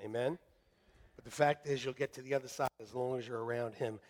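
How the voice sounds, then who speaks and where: A middle-aged male pastor preaching a sermon in church, joking and animated, swinging from shouting to hushed. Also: mid-range voice, brisk. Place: church sanctuary.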